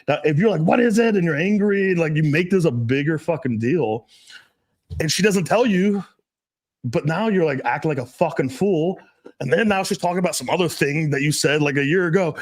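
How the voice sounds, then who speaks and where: A man hosts a casual podcast chat and tells stories in a crude, animated, freely profane way. His voice sits on the higher side for a man. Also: brisk. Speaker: podcast host.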